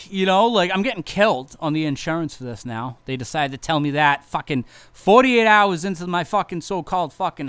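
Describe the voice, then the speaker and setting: A man's voice: fairly high pitch, fairly bright tone, smooth, dry recording. A man telling a personal story in a casual, profane, rambling monologue.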